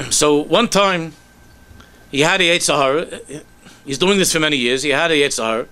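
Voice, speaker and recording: A man, a rabbi, telling a story in a sermon with animated delivery that sinks to soft, low tones. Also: moderate pace, clear, resonant tone.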